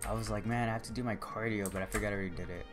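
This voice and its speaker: A man's voice: lowish voice, fairly even intonation, rapid-fire, music in the background. A man chatting casually with his viewers on a livestream, rambling and joking and talking straight to them. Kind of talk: casual live-stream chat.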